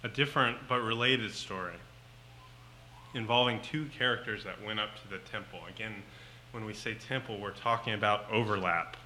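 A man preaching a sermon, slow and emphatic, rising to loud pleading at times. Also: lowish voice, a little hiss or hum, poor audio.

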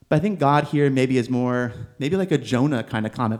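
Male pastor with an easygoing, animated sermon delivery and a mid-range voice. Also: mid-range voice, a little fast, hardly any pauses. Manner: conversational, animated, with filler words.

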